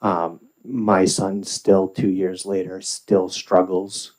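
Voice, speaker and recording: A man giving formal testimony to a committee, measured, with occasional fillers. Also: low voice, level tone, a little mellow, rough recording. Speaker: public witness at a legislative hearing.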